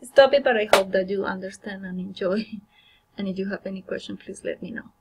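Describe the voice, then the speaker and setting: A woman's voice: mid-range voice, brisk, noisy background. Woman teaching grammar with many fillers. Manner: explanatory, many fillers and restarts. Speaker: Spanish teacher. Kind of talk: recorded grammar lesson.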